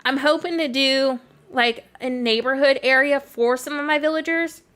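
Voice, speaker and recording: Speaking with a mix of Canadian and American Southern accents, a youthful Canadian game streamer talks loosely on a live stream, answering chat and leaning on "like" a lot. Her pitch is high, her pace moderate, her intonation fairly level, and her tone a touch bright.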